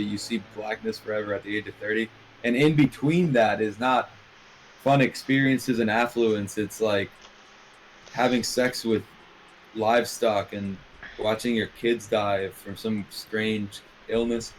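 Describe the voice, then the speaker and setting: A man's voice: on the low side, steady tone, moderate pace. A man in casual chat over a card game, arguing in a crude, joking way. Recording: noisy background.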